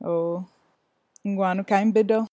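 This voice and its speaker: A woman hosting a language podcast, unhurried, asking questions as a fellow learner. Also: medium pitch, fairly even intonation, mellow, no echo. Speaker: podcast host. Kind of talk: podcast lesson chat.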